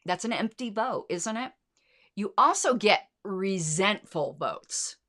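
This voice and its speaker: A woman's voice: medium pitch, lively intonation, takes it slowly, a bit bright. A woman hosting a casual livestream, talking through her notes with frequent restarts and fillers. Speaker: show host.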